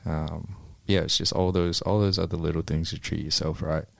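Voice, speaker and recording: A man's voice: rumbling low, level tone, normal speed, gravelly, dry recording. A man, a boxer, chatting in a laid-back way with many fillers. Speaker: amateur boxer guest. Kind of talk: casual interview chat.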